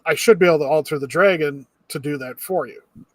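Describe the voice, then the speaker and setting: Higher-voiced young man, dry sound. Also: fast, no echo. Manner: relaxed plot recap with many fillers. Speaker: podcast co-host. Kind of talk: casual movie review chat.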